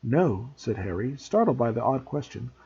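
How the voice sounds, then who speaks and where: Expressive man reading a story aloud. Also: mid-range voice, normal speed, lo-fi sound, slight background noise. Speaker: teacher. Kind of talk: audiobook reading for students.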